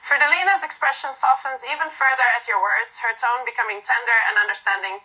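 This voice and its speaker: A woman reading a second-person romance story aloud in a soft, unpolished way with fillers. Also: a little high, a little fast, slightly rough, low-quality recording. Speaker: story narrator.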